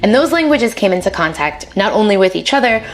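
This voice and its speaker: A woman linguist explaining language history in a clear, measured way. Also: medium pitch, very animated. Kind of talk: explanatory video presentation. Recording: faint background music.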